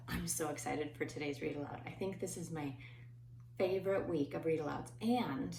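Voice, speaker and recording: A woman teaching her kindergarten class remotely, with gentle sing-song talk aimed at small children. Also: sits low, echoey room, far from the mic, a little hiss or hum.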